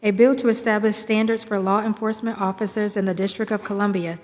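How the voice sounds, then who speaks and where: A woman reading bill titles aloud as clerk, quickly and flatly. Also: mid-range voice. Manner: rapid, flat reading. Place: large legislative chamber. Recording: long reverb of a large chamber.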